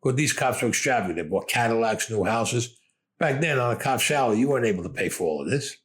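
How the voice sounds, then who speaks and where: A man's voice: medium pitch, animated, fast talker, fairly bright tone. An older man with a Brooklyn accent, bluntly telling stories from his youth in an interview, full of swearing. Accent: Brooklyn New York. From Brooklyn, New York. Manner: blunt, gruff, swears often. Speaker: interviewee recounting his past. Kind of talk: profane storytelling interview.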